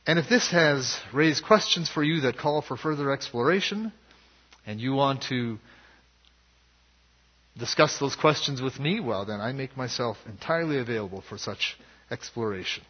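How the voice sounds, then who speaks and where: A man preaching a sermon as pastor, in a measured and earnest way. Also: mid-range voice, breathy edge. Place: church sanctuary. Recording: dull lo-fi sound with long hall reverb.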